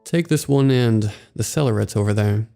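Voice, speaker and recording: A man's voice: on the low side, moderate pace, vocal fry, warm tone, smooth, faint music behind. A man doing a well-spoken young worker. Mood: curious. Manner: well-spoken, polite, curious.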